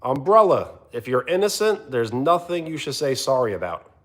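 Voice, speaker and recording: A man live streaming, chatting casually and answering viewers' comments in an animated, teasing way. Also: moderate pace. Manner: animated, teasing, often jumping higher in pitch.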